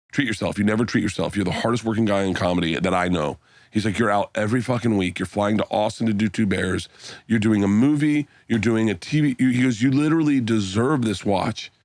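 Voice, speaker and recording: In a fairly low voice and at a fairly quick clip, a middle-aged comedian on a podcast rambles through a story, swearing liberally and acting out the others' dialogue. The recording is clean, dry studio sound.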